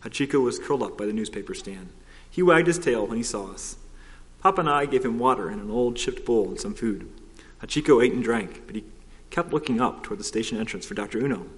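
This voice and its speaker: A man narrating a children's story aloud, in a steady, expressive reading. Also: medium pitch, fast. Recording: long hall reverb.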